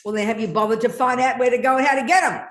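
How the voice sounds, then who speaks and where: An older woman Buddhist teacher, her voice fairly bright and on the high side, talks very fast. She questions a student bluntly and confrontationally, swearing freely, in an echoey teaching room.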